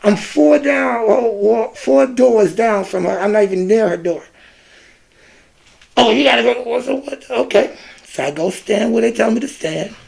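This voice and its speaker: High, gravelly man telling a story. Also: moderate pace. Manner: animated, reenacts exchanges, scat fillers like "da, da, da". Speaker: vlogger. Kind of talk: casual storytelling monologue.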